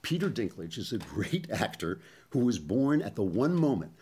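A middle-aged man hosting a podcast, talking in a casual, digressive commentary style full of small pauses and fillers. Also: fairly low pitch, very animated, a little mellow, slightly rough. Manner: conversational, digressive, frequent ums and uhs. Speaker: podcast host.

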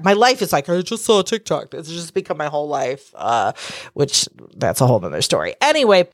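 Her voice sits low as she hosts a casual solo podcast, swearing freely, speaking candidly, and meandering through asides and acted-out quotes. The sound is clean studio audio without echo.

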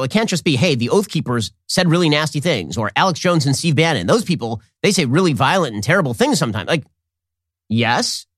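Male commentary host, quick sarcastic delivery, lively pitch, dry close sound. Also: dry recording. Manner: sarcastic, animated, rapid-fire. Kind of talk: opinionated commentary.

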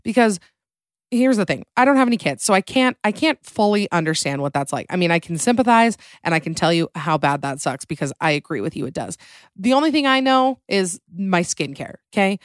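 A woman's voice: on the low side, very animated, fairly quick, no room sound, clean studio sound. A young woman hosting a casual podcast, chatty and playful, acting out quotes. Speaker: podcast host.

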